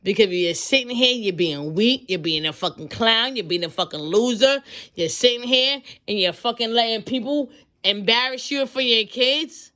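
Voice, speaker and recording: A woman in her thirties giving a loud, profane, animated pep talk as a tarot reader, acting out voices as she goes. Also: a little high, moderate pace.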